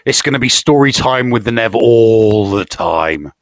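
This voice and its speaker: A man's voice: lowish voice, animated, measured pace, no room sound. A man co-hosting a podcast, joking and teasing in casual chat. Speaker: podcast co-host.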